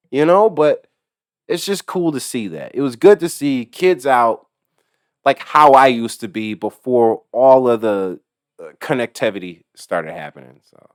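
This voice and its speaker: A man, a delivery driver, telling a story about his day as a profane, animated rant full of swearing and laughter. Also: mid-range voice, no room sound, studio quality.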